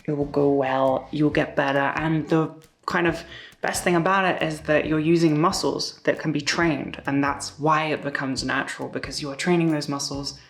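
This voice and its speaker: A woman's voice: low voice, steady tone, moderate pace. A young woman vlogging at home in a casual, chatty way, full of fillers and little asides. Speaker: YouTuber. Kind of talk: casual vlog talk.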